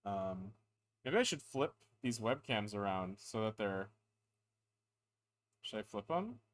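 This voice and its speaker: A man's voice: lowish voice, big pitch swings, slow. A tired man chatting casually on a live stream, rambling, playful and self-deprecating.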